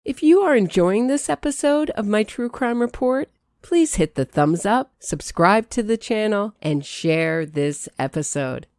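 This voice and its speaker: A woman's voice: on the low side, vocal fry, darkish tone, no room sound, studio quality. A woman hosting a true crime show, chatting casually and amused as she reacts to footage. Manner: amused, chatty, laughs often. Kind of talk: casual live-stream reaction commentary.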